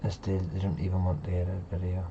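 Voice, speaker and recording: A man's voice: low voice, completely flat delivery, fast talker, muffled recording, noisy background. A man hosting a casual live chat, rambling and talking straight to his viewers. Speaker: livestream host.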